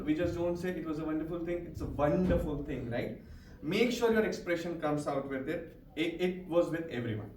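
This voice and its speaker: A man's voice: a little high, a little hiss or hum. A man giving encouraging feedback to a speaking club and leading a speech drill, with frequent "right?" tags. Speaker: language evaluator at a speaking club. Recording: echoey room, distant mic.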